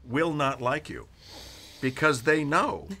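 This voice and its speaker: A man's voice: mid-range voice, takes it slowly. Middle aged guy, actor, acts out his stories, voice bouncing all over. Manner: animated storyteller acting out little scenes. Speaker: actor guest. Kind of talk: casual chat.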